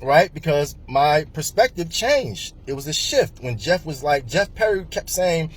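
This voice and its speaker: A man's voice: a little high, sing-song, measured pace, few pauses, slightly rough. A man in his forties from New Jersey, telling a personal story in a rambling way with many fillers and repeats. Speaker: vlogger.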